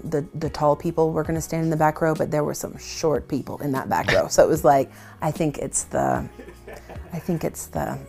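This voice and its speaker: Her voice sits low, gravelly and dark. This woman, a worship leader, tells self-deprecating stories in a casual interview conversation and laughs often.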